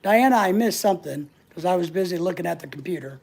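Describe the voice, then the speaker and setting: Lady chatting on a live stream, mellow tone, teasing and jokey. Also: fairly low pitch, lively intonation, quick pace, gravelly. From United States. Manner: playful, teasing, laughs often. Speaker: livestream host. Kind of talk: casual livestream chat reading viewer comments.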